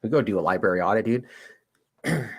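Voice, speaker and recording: Husky low-voiced man chatting casually. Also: animated, a little fast. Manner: rambling slangy talk, lots of "dude" and "like". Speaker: livestream host and auditor. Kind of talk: casual livestream chat with viewers. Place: lives in Colorado.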